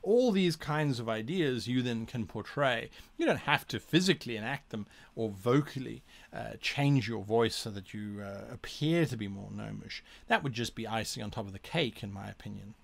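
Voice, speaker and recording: A man hosting a tabletop game advice show, explaining casually to the camera in an animated way, with bursts of quick speech and frequent self-corrections. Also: medium pitch, creaky.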